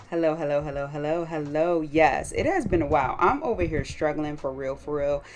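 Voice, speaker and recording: A jet-lagged woman hosting a casual vlog from her closet room at home, talking straight to her viewers in an animated way. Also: deep voice, brisk, a little hiss or hum. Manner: animated, talks straight to viewers with repeated yeses and listens. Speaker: vlogger host. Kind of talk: casual chatty vlog to camera.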